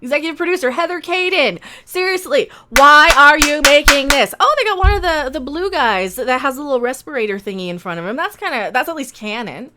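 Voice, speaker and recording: A woman's voice: high voice, animated, quick pace, few pauses, fairly bright tone, slight background noise. A woman hosting a live reaction stream, giving sarcastic, ranting commentary and swearing often. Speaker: reaction video host.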